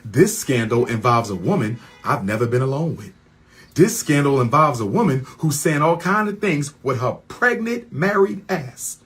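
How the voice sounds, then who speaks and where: Husky man in a fiery mocking rant. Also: mid-range voice, sing-song, normal speed, soft background music. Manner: fiery and mocking, repeats lines, swings from loud to soft. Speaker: speaker addressing his audience. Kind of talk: heated online rant.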